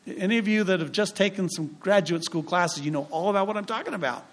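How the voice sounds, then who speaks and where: A male pastor delivering a sermon in a fairly high voice. He preaches emphatically, leaning on repetition and dramatic pauses, and slips into other voices for the quotes he acts out.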